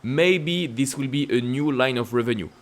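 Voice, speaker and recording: A man with a French accent hosting casual stock-market commentary, asking emphatic rhetorical questions and jumping up in pitch to stress points. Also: moderate pace. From France. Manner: emphatic, repetitive rhetorical questions with sudden upward pitch leaps. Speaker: investing channel host.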